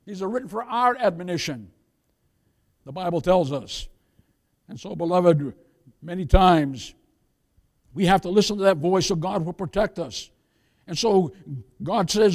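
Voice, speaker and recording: A man's voice: high-pitched, measured pace, long pauses, a little mellow. A man preaching a sermon as pastor, calling out to the congregation with rising, emphatic lines. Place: church.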